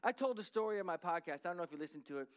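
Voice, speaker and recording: High-voiced preaching man. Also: lively intonation, very fast, clean tone. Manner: earnest, conversational preaching with rising intensity. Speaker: pastor. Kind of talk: sermon. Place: church sanctuary.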